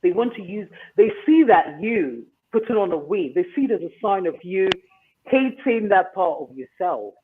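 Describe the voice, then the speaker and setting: A man's voice: high-pitched, expressive, moderate pace, slight background noise. A man hosting a talk show. He gives advice in an emphatic monologue and keeps asking "okay?". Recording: tinny phone-line sound.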